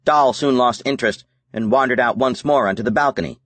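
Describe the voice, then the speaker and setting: A man narrating a novel as an audiobook in a measured, even reading. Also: mid-range voice, no room sound. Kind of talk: scripted narration.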